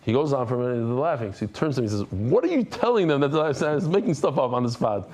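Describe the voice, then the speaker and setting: A man teaching a daily Talmud class. He is animated, repeats phrases, stops to explain Hebrew and Aramaic terms in English, and throws in joking asides to the class. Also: medium pitch, very fast.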